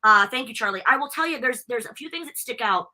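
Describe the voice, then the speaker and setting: A bubbly young American woman talks fast and freely in a live podcast interview. Her voice is bright and forward, and she tells stories with plenty of lift and animation. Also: on the high side. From United States. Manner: bubbly, talkative, animated storytelling. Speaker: wrestling interviewer and guest. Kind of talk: casual live interview chat.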